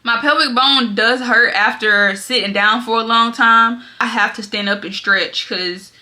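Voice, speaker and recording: Young woman, vlogger, casual storytelling, dramatic and animated, very bright tone. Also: fairly high pitch, a little slow. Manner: animated, dramatic storytelling, often addresses viewers as y'all.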